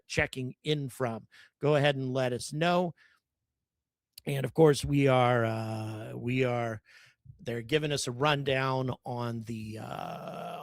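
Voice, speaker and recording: A man's voice: mid-range voice, gravelly, dry recording. A man hosting a live stream, chatting casually and greeting viewers by where they watch from. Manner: chatty, greets viewers by location in quick lists. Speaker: livestream host.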